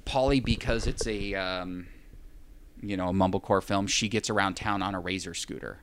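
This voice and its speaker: A man's voice: deep voice, steady tone, moderate pace, fairly bright tone, clean tone. Rambling, wry man recapping a film. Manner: rambling, wry, sarcastic asides. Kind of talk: casual chat, recapping a film.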